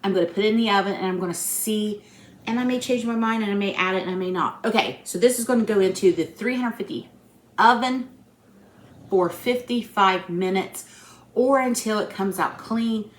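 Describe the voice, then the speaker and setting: A woman's voice: mid-range voice, normal speed. A woman with an Appalachian accent hosting a home cooking video, chatting folksy and friendly to her viewers as she bakes in her kitchen. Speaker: home cooking channel host. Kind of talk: casual cooking demonstration.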